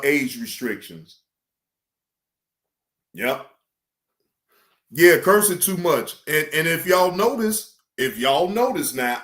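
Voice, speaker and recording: A man chatting loosely and profanely on a live stream. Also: reverberant. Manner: loose, animated, profane, slangy, mimics others in high voice. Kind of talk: casual live stream chat.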